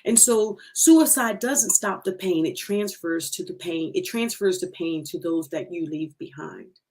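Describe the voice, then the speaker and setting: Middle-aged woman telling her own story on a livestream, super slow, emotional, voice cracking, keeps repeating herself. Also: on the low side, a little mellow. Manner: slow, heartfelt, repeats phrases for emphasis. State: emotional, voice breaking at times. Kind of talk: emotional personal testimony.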